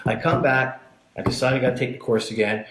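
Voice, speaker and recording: A fast-talking Canadian man with a medium-pitched, fairly even voice tells his life story as a podcast guest, blunt, casual and profane, acting out voices as he goes. The room is echoey, and there's background noise.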